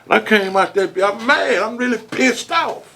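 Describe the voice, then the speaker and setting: A man's voice: high-pitched, moderate pace, gravelly, background noise. A man telling a long story as an interview guest, cursing freely and acting out the quotes. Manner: animated storyteller, swears freely, acts out quotes.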